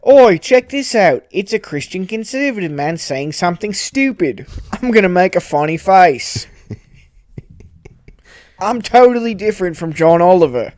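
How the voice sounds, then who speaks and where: A man's voice: high-pitched, sing-song, a little slow, a little mellow. A man voicing an indignant, self-righteous young Australian critic in a put-on Australian accent, lecturing in a comedy podcast sketch. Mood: smug.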